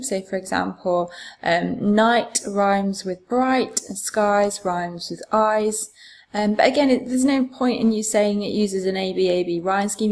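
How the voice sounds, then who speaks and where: A woman's voice: medium pitch, darkish tone, a little hiss or hum. A woman teacher, patiently explaining a poem for exam revision with frequent fillers. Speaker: English teacher.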